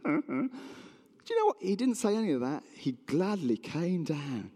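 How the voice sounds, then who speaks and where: A man's voice: on the high side, wildly swooping pitch, normal speed, mellow. A man preaching a sermon in a church hall, telling a story with animation and asking the audience questions.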